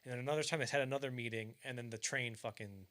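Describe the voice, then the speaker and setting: A young man hosting a podcast, casually telling anecdotes and acting out quoted lines with bursts of energy. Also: fast. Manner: animated storyteller, acts out quoted lines loudly and higher; casual and profane, frequent restarts. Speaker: podcast host.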